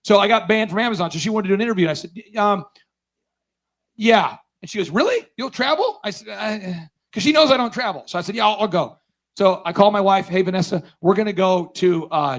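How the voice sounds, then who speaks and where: A man giving a storytelling talk at a conference, acting out the dialogue he quotes. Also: high-pitched. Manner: animated, acts out quoted dialogue. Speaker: conference speaker.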